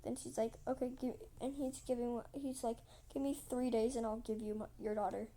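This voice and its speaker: A woman's voice: on the high side, fairly even intonation, brisk, dark tone. A woman telling a rambling story casually while drawing, repeating herself and acting out quotes with lots of "like". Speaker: channel host.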